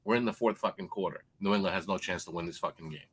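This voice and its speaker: Low and steady in tone, with a breathy edge, a man fires off a long story at rapid speed on a sports betting show. He's loud and swears freely, performing the voices of the people he quotes.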